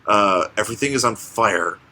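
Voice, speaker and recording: A man's voice: on the low side, moderate pace, bright, forceful tone. A man co-hosting a podcast in casual comedic chat, rambling and restarting his sentences as he acts out scenes. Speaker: podcast co-host.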